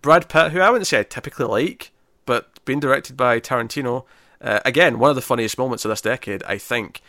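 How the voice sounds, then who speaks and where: A chatty man talks movies with real enthusiasm, often breaking into laughter and restarting sentences. His voice sits at an ordinary pitch. The sound is dry and close, with no room echo. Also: fairly quick, sharp tone. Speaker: podcast co-host ranking movies. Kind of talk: casual chat.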